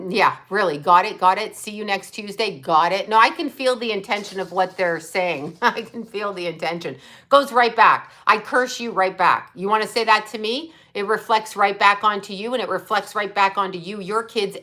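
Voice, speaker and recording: The psychic livestream host, an older woman, replies to viewers in a blunt, foul-mouthed way and thanks them for super chats. She has a mid-range voice with a sharp tone.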